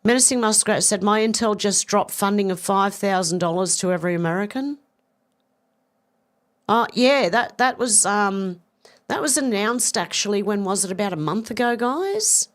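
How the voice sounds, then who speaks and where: A woman's voice: mid-range voice, animated, moderate pace. Chatty Australian woman live-streaming. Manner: chatty, effusive, warm thanks, many restarts. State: slightly congested with a cough. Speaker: livestream host. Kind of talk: casual live-stream chat, reading viewer comments.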